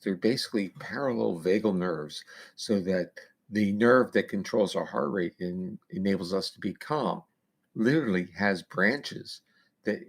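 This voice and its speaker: A man's voice: fairly low pitch, a little slow, creaky. A man guest on an interview, giving long explanations of research in a lecturing way with casual fillers. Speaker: neuroscientist guest.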